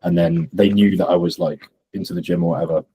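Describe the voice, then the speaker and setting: A young man, a fitness coach, telling stories in a relaxed podcast chat and acting out what his clients say. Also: low voice, fast talker, a little hiss or hum, poor audio. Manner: relaxed storytelling, acts out quoted clients.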